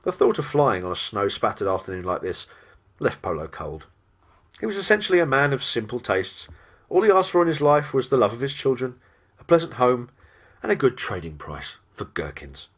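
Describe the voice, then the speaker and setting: Guy reading a horror story, really lively, husky but bright voice. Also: medium pitch, moderate pace. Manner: animated storytelling. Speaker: horror author and narrator. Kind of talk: dramatic audiobook narration.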